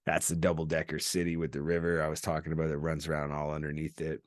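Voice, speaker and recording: Deep-voiced man telling a rowdy story. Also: monotone, fast talker, dry recording, studio quality. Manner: storytelling, profane, acts out quoted voices. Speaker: podcast host. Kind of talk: unscripted casual chat.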